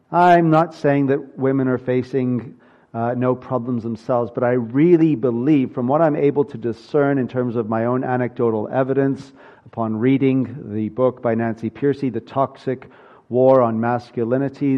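A man preaching a sermon with earnest conviction, his delivery climbing to emphatic peaks before settling low again. His voice sits at an ordinary middle pitch. The recording sounds a little dull and lo-fi. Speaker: pastor.

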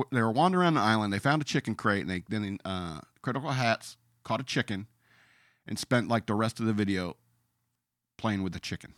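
A podcast host with a lowish, slightly bright voice rants sarcastically and emphatically, sometimes reading his own comments aloud in a mocking tone. The studio recording is clean with no echo.

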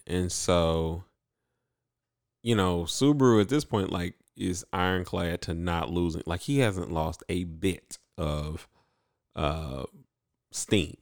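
A man's voice: sits low, vocal fry, no room sound, clean studio sound. A man co-hosting a casual podcast, recapping an anime episode in a rambling way full of likes and ums. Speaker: podcast co-host.

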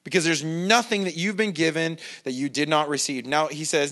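A man's voice: a little high, moderate pace, few pauses, pushed and bright. A male pastor preaching a sermon in a conversational, self-deprecating way, with mocking asides. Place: church.

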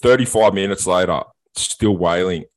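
Deep-voiced man telling stories. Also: moderate pace. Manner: sweary, animated storyteller. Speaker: podcast co-host. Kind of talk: casual chat, storytelling.

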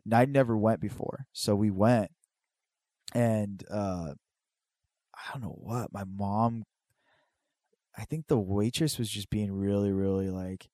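A man's voice: on the low side, measured pace, long pauses, warm tone, no room sound, studio quality. A man telling a long personal story in casual chat, rambling and swearing, with many restarts. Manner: acts out quoted people in a raised voice.

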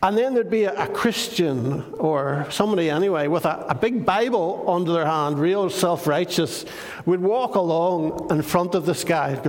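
A man's voice: high-pitched, moderate pace, big-room sound. An older man preaching a sermon, telling stories in a chatty, self-deprecating way. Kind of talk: sermon with anecdotes.

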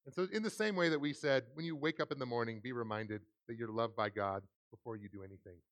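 A man in his thirties preaching a sermon in a church, animated and laughing often as he acts out quoted lines. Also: mid-range voice, fast talker. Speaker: pastor. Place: church hall.

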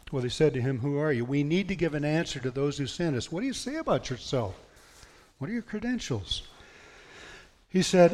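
A man's voice: mid-range voice, darkish tone. Guy preaching, earnest and emphatic, reading scripture, echoey church sound. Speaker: pastor. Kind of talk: sermon. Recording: long hall reverb.

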